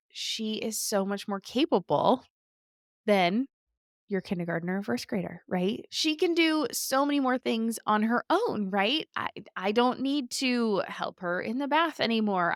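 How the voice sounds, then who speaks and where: A woman's voice: medium pitch, moderate pace, dry recording, studio quality. A woman in her thirties hosting a podcast interview, enthusiastic and chatty, often tagging her points with "right?". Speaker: podcast host. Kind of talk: casual interview chat.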